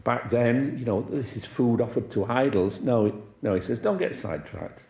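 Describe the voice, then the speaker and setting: A middle-aged Welshman preaches a sermon in an echoey church hall, using a warm, mid-range voice at a moderate pace. His style is conversational and anecdotal, with chuckles and acted-out quotes.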